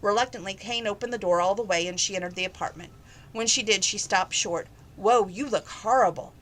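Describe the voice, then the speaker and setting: Woman reading a novel aloud, plain and steady. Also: mid-range voice, fast, slight background noise, rough recording. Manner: plain, with small slips and restarts. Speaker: reader. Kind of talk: casual read-aloud narration.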